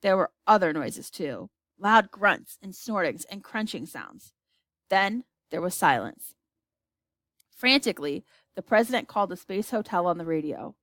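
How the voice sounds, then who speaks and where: A woman reading a children's storybook aloud, with expressive narration. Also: medium pitch, measured pace, no echo. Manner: expressive, lively character voices. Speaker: audiobook reader.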